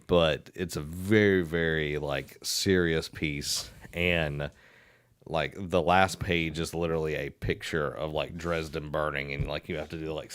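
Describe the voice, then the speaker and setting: A young man with a low, deep voice and a Southern American accent talks loosely on a podcast, full of fillers and easy laughter. His voice is smooth and clear. The sound is dry and close, with no room echo. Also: fairly bright tone. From Southern United States. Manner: rambling storyteller, many fillers, laughs easily. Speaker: podcast co-host and school band director. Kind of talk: casual podcast chat.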